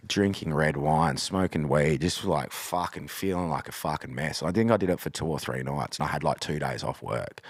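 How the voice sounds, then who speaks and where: A man in his forties talks in a deep, low voice, dropping swear words all through his casual podcast chat. He keeps checking in with "you know what I mean". The sound is dry and close, with no room echo. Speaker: podcast guest, rapper.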